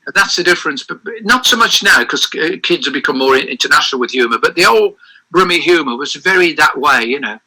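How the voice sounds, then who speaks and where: A man's voice: fairly high pitch, animated, a little fast, sharp tone, poor audio. An older man, giving an interview as a guest and telling long anecdotes with many restarts and self-corrections. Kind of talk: reminiscing interview over a call.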